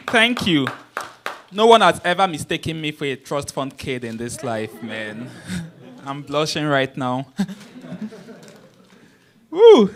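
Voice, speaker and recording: A man opening his stand-up set with slow, easy crowd banter. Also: fairly high pitch. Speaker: comedian.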